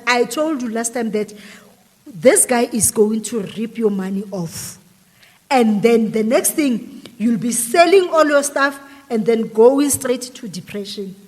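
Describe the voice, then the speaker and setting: A woman's voice: on the high side, big-room sound. A woman emotionally retelling a painful personal story, repeating herself and quoting others. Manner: emotional, repetitive retelling full of quoted dialogue.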